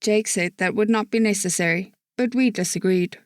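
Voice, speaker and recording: A woman narrating an audiobook chapter in a steady storytelling manner. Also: medium pitch, normal speed, dry recording, clean studio sound. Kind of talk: scripted narration.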